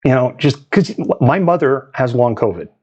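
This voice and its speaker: A man's voice: mid-range voice, expressive, normal speed, a little mellow, husky. A man from the US East Coast hosting a live news stream, talking in a chatty, digressive way and laughing often. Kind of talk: casual live-stream commentary.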